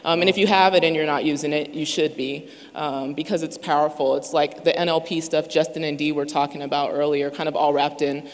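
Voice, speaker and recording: A woman sharing her business story on a panel, hesitant and full of filler pauses. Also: deep voice, level tone. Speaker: panel speaker. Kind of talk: personal testimony at a live event. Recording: echoey event hall.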